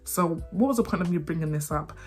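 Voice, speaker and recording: Young woman vlogging her story, kinda low voice, talks super fast and repeats words a lot. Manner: fast talker who repeats and trips over words. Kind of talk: personal storytelling to camera. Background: faint background music.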